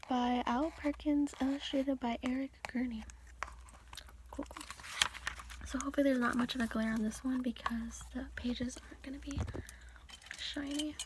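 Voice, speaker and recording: A woman giving a whispered ASMR storybook reading, softly narrating and adding gentle, giggly asides between the pages. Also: sits high, fairly even intonation, moderate pace, pauses often, noisy background. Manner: soft whispering with chatty asides. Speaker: ASMR reader.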